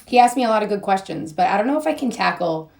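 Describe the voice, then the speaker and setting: A woman's voice: mid-range voice, expressive, quick pace, gravelly, a little mellow. A young woman rambling in a goofy, sing-song way as she chats on a live stream while doing her makeup, her voice a bit strained. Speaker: model and influencer.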